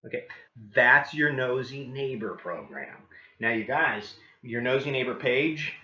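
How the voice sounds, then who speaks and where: An upbeat man coaching agents, his voice bright and forward. He keeps checking in with the listeners. The sound is roomy and a little dull. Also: medium pitch, expressive, unhurried, a little hiss or hum. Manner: upbeat, keeps asking "right?". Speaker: real estate coach. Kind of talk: training talk with role-played doorstep scripts.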